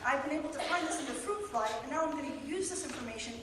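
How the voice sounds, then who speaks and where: A woman's voice: sits high, lively intonation, racing, background noise. A woman, a postdoctoral biologist, firmly challenging a speaker during an audience question, heard from a distance in a large lecture hall. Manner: assertive, challenging, speaks in long explanations. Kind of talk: live audience question at a debate. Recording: echoey lecture hall from far off.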